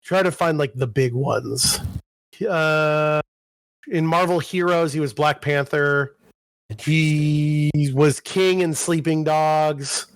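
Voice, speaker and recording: A man's voice: on the high side, slow, no room sound. A man co-hosting a podcast, recapping a game plot in a rambling, profane casual chat. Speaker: podcast co-host.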